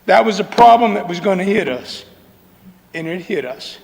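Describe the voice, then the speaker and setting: Man, gravelly, emotional public commenter, long reverb. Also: high voice, lively intonation, normal speed, a little mellow. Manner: emotional, folksy, repeats phrases, says y'all. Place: council chamber.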